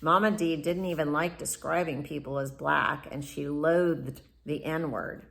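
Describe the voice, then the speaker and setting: Woman, memoir narrator, low-pitched, heavy vocal fry, reflective, candid. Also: fairly even intonation, a little slow. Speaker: memoir author. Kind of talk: first-person memoir narration.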